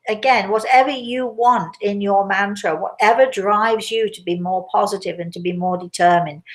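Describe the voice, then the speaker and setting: An older woman speaks casually and chattily, circling back to repeat her phrases and restarting her sentences. She answers questions as a spiritual medium in a relaxed live session, with a voice of ordinary pitch. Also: poor audio.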